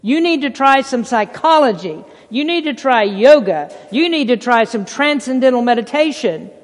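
A preacher delivering a sermon, emphatic, quoting scripture and swinging between loud bursts and hushed passages. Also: mid-range voice, expressive, moderate pace, in a large hall. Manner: quotes scripture and acts out voices.

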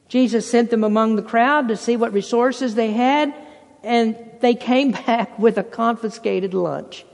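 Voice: mid-range voice, a little slow. Emphatic preacher in a reverberant hall. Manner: emphatic, swinging between loud bursts and hushed passages; quotes scripture and acts out voices. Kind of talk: sermon.

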